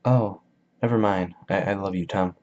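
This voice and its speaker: A man's voice: deep voice, steady tone, moderate pace, darkish tone, natural voice. A man voicing a flighty, fickle young woman who speaks flippantly, in a dull lo-fi recording.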